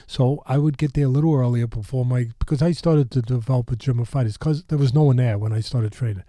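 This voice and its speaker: A man in his sixties from New York, a boxing trainer who is a podcast guest, telling animated stories with rambling asides. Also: medium pitch, quick pace, few pauses, dry recording, clean studio sound. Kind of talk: animated storytelling.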